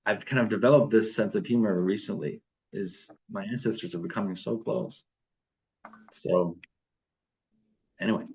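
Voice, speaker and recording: Man preaching casually at a morning devotion. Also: on the low side. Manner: conversational, reads passages aloud then comments with fillers and restarts. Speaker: pastor leading devotion. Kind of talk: casual sermon over video call. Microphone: video call.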